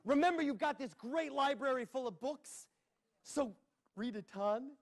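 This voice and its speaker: A man with a very high, expressive voice tells a playful story to children at a public library, speaking a little slowly. He's a storyteller performing live, adding sound effects and asides as he goes.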